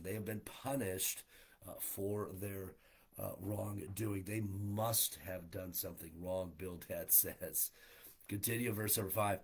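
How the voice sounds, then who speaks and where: A man's voice: on the low side, steady tone, measured pace, slightly rough. A man leading a livestreamed Bible study as pastor, in a folksy way, with many fillers, putting scripture into plain, everyday speech. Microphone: livestream setup.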